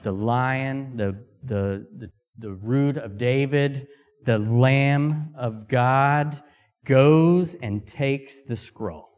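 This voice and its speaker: A man preaching a sermon, reading scripture aloud and pausing to ask the congregation questions, with Amharic as his first language. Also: mid-range voice, darkish tone, smooth. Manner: slow, deliberate pacing with emphatic pauses. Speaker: missionary preacher.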